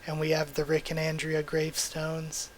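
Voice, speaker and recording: A young man hosting a live reaction video, reading text aloud and breaking in with excited exclamations. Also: a little high, normal speed, slight background noise. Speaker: YouTube reaction host.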